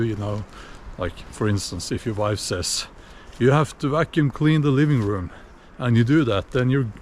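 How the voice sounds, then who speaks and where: A man giving a casual opinion monologue while walking outdoors, unhurried and musing, with many fillers and restarts. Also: fairly low pitch, darkish tone, a little hiss or hum. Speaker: video blogger.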